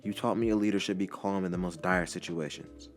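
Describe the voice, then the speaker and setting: A man doing a brooding young prince, quiet and stiff. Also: sits low, a little fast, faint music behind, close to an everyday voice. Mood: restrained. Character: young brooding prince holding back anger.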